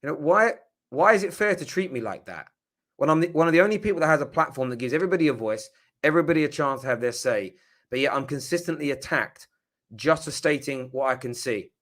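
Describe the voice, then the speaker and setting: Brief: fired-up fan-channel host, bright forceful voice. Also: male voice, on the high side, animated, fast. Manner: passionate, emphatic, swears when riled. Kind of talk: live-stream match reaction.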